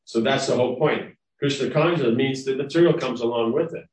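A man's voice: mid-range voice, a little fast, a little mellow, slight background noise. A man giving a devotional class lecture in a rambling, conversational way, often checking in with his listeners. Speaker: spiritual lecturer. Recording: roomy, distant mic.

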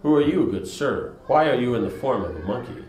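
A man voicing a proud, mighty warrior prince in a story he reads aloud, speaking in a forceful, declaiming way. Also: medium pitch, big pitch swings, brisk, reverberant, voice pushed up, natural voice, low-quality recording. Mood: commanding.

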